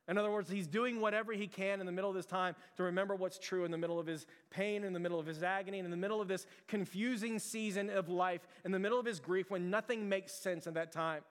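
A man's voice: high voice, fairly even intonation, fast, clean tone. A man preaching a sermon as pastor, earnest and repetitive, often restarting his phrases. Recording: long hall reverb.

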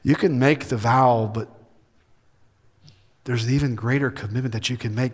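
A man preaching a sermon as pastor, emphatic, shifting between loud, urgent passages and soft, intimate ones. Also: mid-range voice, steady tone, normal speed, pauses often, breathy edge. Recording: hall reverb.

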